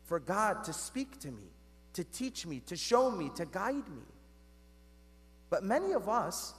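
A man delivers a homily from the pulpit in a high voice that swoops up and down with animated energy. He keeps it conversational, asking the congregation questions and calling them "guys." A long church reverb trails behind every phrase. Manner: conversational, talks straight to the congregation with rhetorical questions. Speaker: Catholic priest. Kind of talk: sermon.

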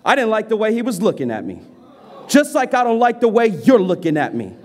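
A man's voice: high-pitched, wildly swooping pitch, fairly quick, heavily acted. A man voicing a defiant young schoolboy who sneers and talks tough before breaking down in tears. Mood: sneering. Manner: sneering and cocky, later pleading in tears. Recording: reverberant church hall.

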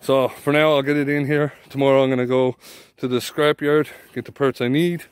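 A man's voice: mid-range voice, level tone, a little fast, smooth. A middle-aged man vlogging casually outdoors, rambling with lots of fillers and calling his viewers folks. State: out of breath. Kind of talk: casual vlog narration. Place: outdoors in snow. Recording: faint outdoor noise. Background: outdoor ambience, vehicle noise.

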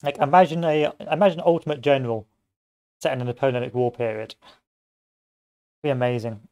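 A man's voice: medium pitch, fairly even intonation, fairly quick, a little mellow. A man giving casual gameplay commentary, rambling off into history tangents and joking asides. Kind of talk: casual let's-play commentary.

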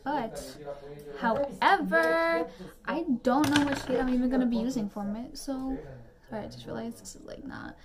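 A young woman vlogging a makeup tutorial, rambling through chatty rants and quick asides. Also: sits high, lively intonation, a crowd in the background. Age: young adult. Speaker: beauty vlogger.

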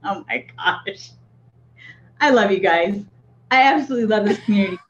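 A woman's voice: mid-range voice, moderate pace, slight background noise. A woman co-hosting a livestream in casual chat, laughing often and reading comments aloud. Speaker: co-host of a vaping livestream. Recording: dull lo-fi stream audio.

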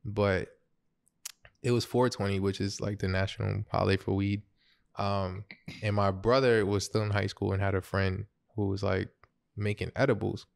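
A podcast host chatting casually, relaxed and a little hesitant, with restarts as they tell a story. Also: deep voice, moderate pace, creaky, dry recording. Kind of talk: casual chat.

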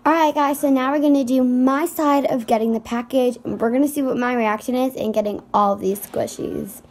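Bubbly, excitable woman vlogger. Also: high-pitched, a little fast, slight background noise, low-quality recording. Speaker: vlogger and skit host. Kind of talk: casual kids' vlog skit.

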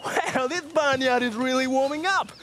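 A man presenting a children's show, animated and playful, making animal noises for young viewers. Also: extremely high pitch, normal speed.

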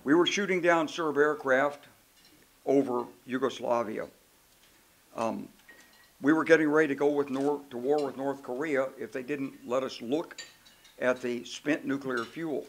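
An older man, a retired general, telling anecdotes in an animated, emphatic way during a moderated conference interview. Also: mid-range voice, measured pace. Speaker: retired general, keynote speaker. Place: conference stage.

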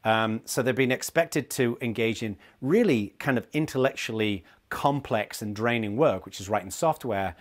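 A middle-aged man, a leadership consultant, giving a casual talking-to-camera lesson in an animated way and acting out the people he quotes. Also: mid-range voice, normal speed, few pauses.

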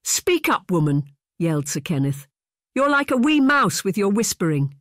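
A narrator voicing a drunken, bitter Scottish laird, gruff and scornful, with a Scottish accent. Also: mid-range voice, big pitch swings, normal speed, a bit bright, no echo, studio quality, pitched above the performer's own voice. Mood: angry.

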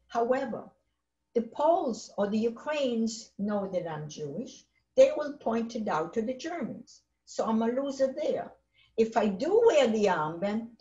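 A woman's voice: a little high, a little mellow. Elderly woman giving testimony. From Poland. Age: 80s. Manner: halting, emphatic retelling with repeated phrases. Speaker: Holocaust survivor speaker. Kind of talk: personal testimony. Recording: roomy, slightly dull recording.

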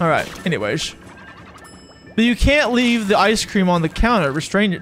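A streamer chatting casually during a live gaming session, excitable and rambling, often stammering and repeating words. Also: medium pitch, normal speed, loud music behind the voice.

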